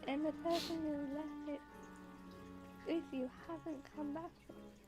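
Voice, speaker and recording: A woman's voice: high voice, fairly even intonation, measured pace, music in the background, poor audio. A woman voicing a polite young female detective in a put-on British accent, asking probing questions. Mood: inquisitive.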